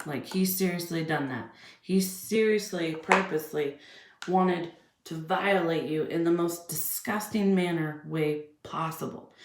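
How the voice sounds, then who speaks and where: A fired-up woman with a drawl vents in a blunt, profane rant. Her voice sits low with a rough, gravelly fry. The sound bounces around an echoey room. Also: darkish tone. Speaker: vlogger. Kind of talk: ranting commentary.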